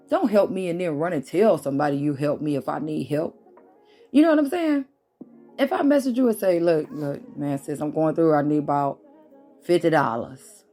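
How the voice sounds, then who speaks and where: A woman with a drawl talks straight to her viewers in a fairly low voice, animated and a little preachy. Faint music plays under her talk. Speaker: vlogger. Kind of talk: casual motivational talk to viewers.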